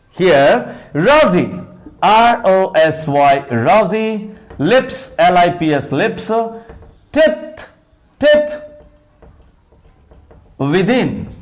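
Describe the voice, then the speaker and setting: A man with an Indian English accent teaching a phonetics lesson, spelling words letter by letter, counting sounds aloud and asking and answering his own questions. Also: sits high.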